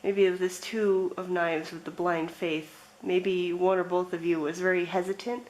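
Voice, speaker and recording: A woman's voice: on the low side, little pitch movement, darkish tone, low-quality recording. A woman giving a pick-a-card tarot reading, speaking in a reflective, emotional way. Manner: slow, emotional, reflective, with laughs. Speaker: tarot reader.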